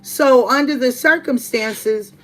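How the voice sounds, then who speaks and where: A woman hosting a live stream, telling a story to her chat in a blunt, profane, animated way. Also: sits high, slow, poor audio. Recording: steady background noise with passing vehicles.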